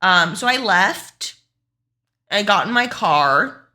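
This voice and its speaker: Profane, animated young woman streamer. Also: medium pitch. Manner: profane, animated, fast and emphatic. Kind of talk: casual ranting to a stream chat.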